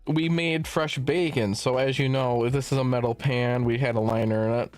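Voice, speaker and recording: A man's voice: medium pitch, moderate pace, no room sound, faint music behind. A young man streamer casually telling a long work story, swearing freely and acting out the dialogue in it. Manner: animated, swearing, acts out quoted dialogue.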